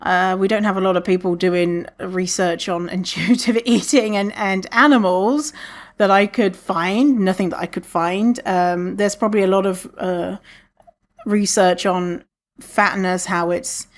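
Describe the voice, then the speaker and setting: A woman hosting a podcast alone, chatting casually, swearing freely and laughing often, with many restarts. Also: a little slow. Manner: animated, lots of restarts, acts out quotes in a higher voice. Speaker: podcast host. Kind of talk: casual solo podcast talk.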